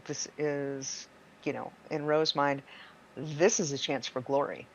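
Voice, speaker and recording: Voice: medium pitch, steady tone, slow pace, lo-fi sound, slight background noise. A player in a tabletop role-playing game who talks through their character's thoughts in an eager, rambling way.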